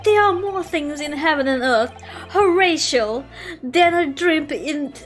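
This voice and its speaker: A woman doing a grandiose Shakespeare-spouting gentleman. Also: sits high, expressive, soft background music. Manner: slow, grandiose, archaic speech. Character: theatrical Shakespeare-quoting young gentleman lodger.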